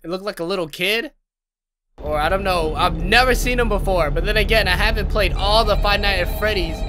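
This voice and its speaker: Excitable young man playing a horror game. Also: sits high, a little fast, background noise. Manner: frustrated, excitable, talks to viewers, sudden loud yelps. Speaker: gaming channel host. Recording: game music loud under voice. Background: game music.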